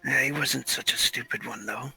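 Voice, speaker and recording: A man voicing a quiet, watchful hooded male mercenary who speaks in a low-key way. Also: fairly even intonation, moderate pace, breathy edge, faint music behind, heavily acted, poor audio. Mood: wry.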